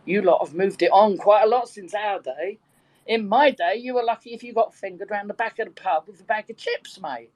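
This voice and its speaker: A woman's voice: medium pitch, a little fast, darkish tone, no echo, rough recording. Chatty, bawdy woman in her sixties. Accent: London. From Birkenhead, England. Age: 60s. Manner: bawdy, chatty storyteller who laughs often. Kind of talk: casual group chat.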